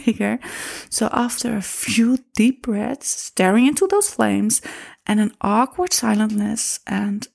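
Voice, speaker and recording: Reflective woman with a gravelly fry. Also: a little high. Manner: emotional and reflective, with soft laughs and a few grammar slips. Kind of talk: personal storytelling.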